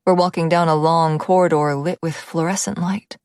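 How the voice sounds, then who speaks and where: A woman narrating a romance thriller audiobook in the first person, with a low-key, steady delivery. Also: normal speed, clean tone, dry recording, clean studio sound.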